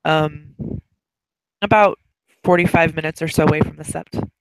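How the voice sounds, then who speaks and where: A woman's voice: sits low, fairly even intonation, normal speed, no echo, rough recording. A woman setting up a role-play scene as storyteller, rambling with many fillers.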